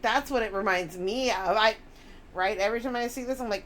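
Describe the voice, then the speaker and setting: A woman's voice: medium pitch, brisk, fairly bright tone, a little hiss or hum. A woman chatting casually on a live stream, rambling and reading chat messages aloud.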